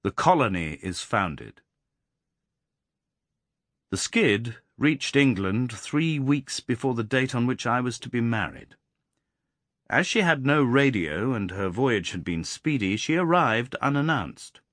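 A man narrating a novel in the first person, in a measured, expressive reading. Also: mid-range voice, no echo, studio quality. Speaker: audiobook narrator.

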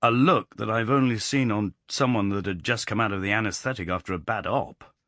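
A man reading a story aloud as an audiobook, expressive and voicing the characters in dialogue. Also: on the low side, a little fast, no room sound, clean studio sound. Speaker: audiobook narrator. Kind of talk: storytelling narration.

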